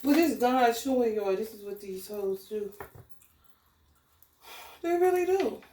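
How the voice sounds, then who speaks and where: A woman ranting casually in a spiritual vlog, profane and animated, breaking into laughter. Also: a little high, measured pace, echoey room, slight background noise. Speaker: spiritual tarot reader.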